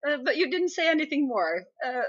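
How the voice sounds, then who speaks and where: A woman interviewing a guest in a casual livestream, bubbly and quick to laugh. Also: sits high, very animated, muffled recording. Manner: bubbly, giggly.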